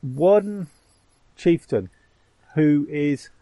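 A man's voice: fairly high pitch, lively intonation, warm tone, no room sound, rough recording. A man running a tabletop game as game master, hesitant and full of ums as he describes the combat. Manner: halting, full of ums and uhs.

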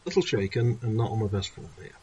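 A man plays in a tabletop game, speaking in a dry, wry and hesitant manner. His pitch moves about a lot, and the recording carries a clear layer of background noise. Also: animated, fast talker, a little mellow, muffled recording. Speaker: player. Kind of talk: casual tabletop play.

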